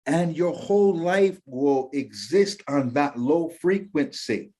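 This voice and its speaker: A man telling his story in an interview, talking in an animated motivational way and acting out the voices of people he quotes. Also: a little high, slow pace, hardly any pauses. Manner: acts out quoted voices, lively and emphatic. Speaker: interview guest, empowerment coach.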